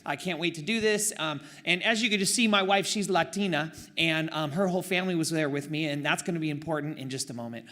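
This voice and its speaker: A young male pastor from Oakland preaching through a comic personal story, animated and self-mocking. His voice sits high and bright, with a lively, wry delivery full of sarcastic asides. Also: fast, hardly any pauses. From East Bay of San Francisco, Oakland. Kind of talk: storytelling sermon.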